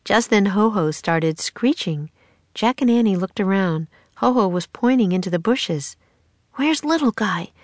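A woman narrating a children's storybook aloud in a steady, expressive way. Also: mid-range voice, moderate pace, no echo.

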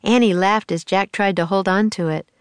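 A woman narrating a children's storybook aloud in a measured, expressive way. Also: medium pitch, clean tone, dry recording. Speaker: audiobook narrator.

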